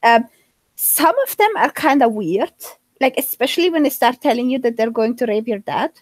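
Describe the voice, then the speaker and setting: A woman with a hard-to-place, mixed accent talks as a guest in a relaxed live-stream chat. She speaks earnestly in long, winding explanations, with a slightly high voice. The sound is dry and close, with no room around it. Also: normal speed, no room sound.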